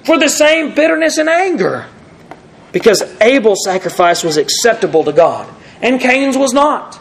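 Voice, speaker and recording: Man, preacher, sermon, high voice, animated delivery, reads and acts out scripture. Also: a little hiss or hum, poor audio. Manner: animated, acts out the quoted lines with pitch swings; self-correcting, apologizes for slips.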